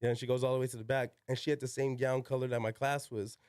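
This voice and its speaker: Young dude spinning a story on a podcast, says yo and like a lot, cusses, smooth clean voice, mid pitch. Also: male voice, little pitch movement, fast talker, a little mellow, no echo, clean studio sound. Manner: slangy, peppered with "yo" and "like", swears freely. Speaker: podcast guest. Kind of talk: casual storytelling.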